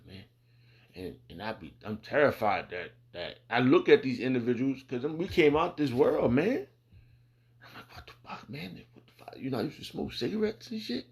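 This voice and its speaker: A man with a somewhat low voice shares his faith in a loose, rambling way. He swears freely, leans on "man" and "bro", and slows down to read scripture. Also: vocal fry. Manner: reads scripture slowly. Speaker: speaker sharing faith testimony. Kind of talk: casual religious talk.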